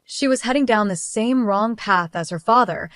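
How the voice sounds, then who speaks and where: Cold, superior grandmother for a story read-aloud, voiced by a woman narrator, calm and scolding, dry sound. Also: on the high side, normal speed, dry recording, lightly acted.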